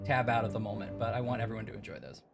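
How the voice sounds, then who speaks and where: A woman's voice: rumbling low, very fast, gravelly, over music. A young woman chatting playfully while she plays a mystery game on stream, thinking aloud. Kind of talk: casual game-stream chat.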